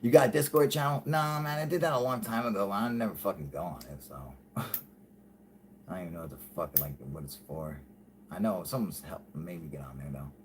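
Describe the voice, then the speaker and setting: A man hosting a live stream, chatting casually and rambling with lots of swearing, saying he is high. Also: fairly quick, slight background noise. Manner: profane, rambling, laughing often. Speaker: host.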